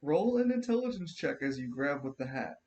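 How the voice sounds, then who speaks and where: A man narrating as game master in a tabletop role-playing game, casual, quick to swear and restart his sentences. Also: a little high, big pitch swings, a little mellow, muffled recording, slight background noise.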